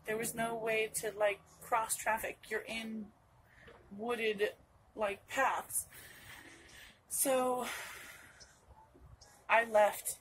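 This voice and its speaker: A young woman vlogging straight to her camera, telling a story in a rambling, restart-heavy way with plenty of asides. Her voice sits a bit high. A faint hiss of noise runs under the recording. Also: flat delivery, extremely slow, long pauses, fairly bright tone, low-quality recording. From Northern California.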